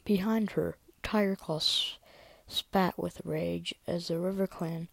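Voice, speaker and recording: A woman reading a story aloud in a soft whisper, with small slips and restarts. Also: lowish voice, fairly even intonation, slow, creaky, no echo, low-quality recording.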